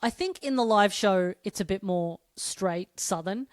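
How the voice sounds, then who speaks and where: A woman's voice: mid-range voice, expressive, measured pace, no room sound, studio quality. A woman co-hosting a casual podcast, recapping a horror episode with lots of fillers. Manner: chatty, recapping scenes with fillers. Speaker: podcast co-host. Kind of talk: casual movie chat.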